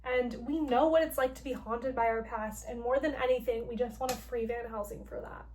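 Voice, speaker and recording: Chatty high-voiced young woman. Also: brisk. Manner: chatty, heavy use of "like", playful and expressive. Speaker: gaming vlogger. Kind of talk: dramatic story recap.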